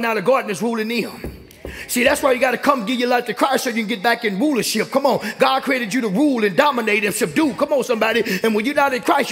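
Man, young adult, pastor, very high gravelly voice, call-and-response preaching in a church. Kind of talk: sermon. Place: church sanctuary.

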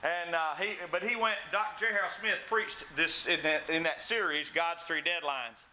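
A man preaches with a high, ringing voice that is very bright and edgy. He tells stories in his sermon and acts out the people in them. A faint hiss sits under the church recording. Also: fairly even intonation, moderate pace, rough recording. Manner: storytelling preacher, acts out quoted voices with big swings. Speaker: pastor.

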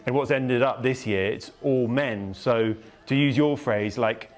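A man's voice: mid-range voice, measured pace. A man interviewing a singer, chatting in a friendly and playful way and laughing easily. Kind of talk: casual interview chat.

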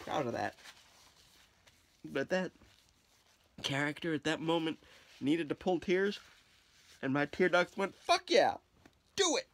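A man's voice: fairly high pitch, a little slow, creaky, long pauses, slight background noise. A man vlogging casually as he scratches lottery tickets, joking, mocking himself and swearing freely.

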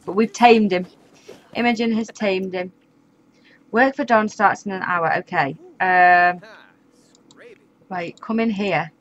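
A woman narrates her life-sim session in a casual, running commentary. She is chatty and quick to exasperation, laughing often. Her mid-height voice comes through a slightly muffled, lo-fi home microphone. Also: mid-range voice. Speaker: gaming YouTuber. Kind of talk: casual let's-play commentary.

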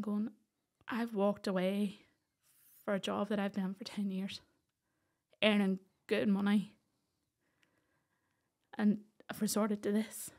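A woman with a Northern Irish accent tells her own story as a podcast guest. Her voice sits in a middle register with a gravelly edge. She tells it with energy and acts out the voices of the people she quotes. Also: medium pitch, a little mellow. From Northern Ireland. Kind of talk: personal storytelling in a podcast interview.

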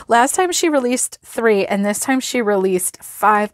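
A woman vlogger excitedly showing stickers and washi tape, gasping and gushing over each item. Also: medium pitch, measured pace, hardly any pauses, dry recording, clean studio sound. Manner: gushing, gasps and exclaims over items. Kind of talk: excited product flip-through.

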